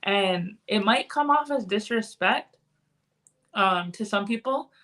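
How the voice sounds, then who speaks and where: A woman's voice: medium pitch, animated, slow pace, a bit bright. A woman speaking as a podcast guest in casual conversation, candid and frank, now and then cussing.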